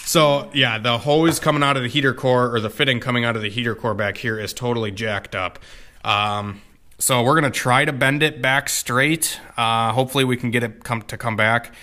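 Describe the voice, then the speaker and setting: A man's voice: medium pitch, steady tone, normal speed, sharp tone. A young man explaining car work in a casual, rambling way, with lots of fillers and cursing. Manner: rambling, profane, many fillers. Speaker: car tuning vlogger. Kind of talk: casual garage walkthrough.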